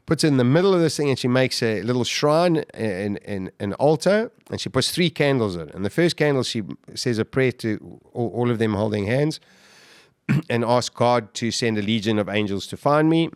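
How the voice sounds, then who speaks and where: A man's voice: mid-range voice, normal speed, clear, resonant tone, no echo. Male podcast guest, mid-range voice, dramatic storyteller who surges with emphasis, dry close recording. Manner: animated, with frequent restarts and sudden surges of emphasis. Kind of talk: dramatic first-person storytelling.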